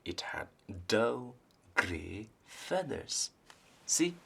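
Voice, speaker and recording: A man reads a children's picture book aloud, lively and full of questions for his young listeners. His pitch swings widely, with a gravelly edge settling into his lower notes. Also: drawn-out words. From Bhutan. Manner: animated, asks the children questions. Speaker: storyteller.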